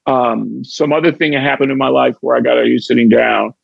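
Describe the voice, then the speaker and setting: Gravelly animated male storyteller. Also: mid-range voice, fairly quick, dry recording, highs cut off. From Chicago. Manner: animated, acts out voices in his stories. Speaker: guest, actor and comedian. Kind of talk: casual storytelling.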